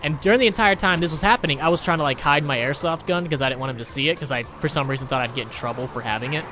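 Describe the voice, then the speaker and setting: Rapid-fire and fairly high in pitch, a young gaming YouTuber rambles through a crude, sarcastic anecdote as he plays a game and comments on it. Background noise can be heard.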